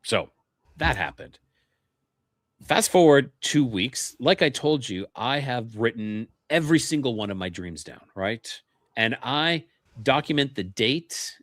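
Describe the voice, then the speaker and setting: A man from Canada speaks as a podcast guest, telling a long personal story in an earnest, casual way and voicing the people in it as he goes. His pitch sits in an ordinary middle range for a man. The sound is dry and close, with almost no room echo. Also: fairly bright tone. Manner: earnest storyteller who acts out remembered dialogue.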